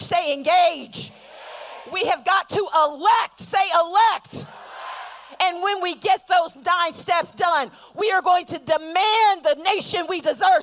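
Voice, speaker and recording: A woman speaking at a rally, leading call-and-response chants that build to shouts. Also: very high voice, slight background noise. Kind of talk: fiery political rally speech.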